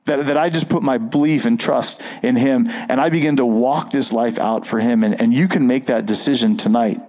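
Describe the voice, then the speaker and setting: A man's voice: medium pitch, moderate pace, a little mellow, poor audio. A man preaching an earnest, conversational sermon as a pastor, often restarting his phrases.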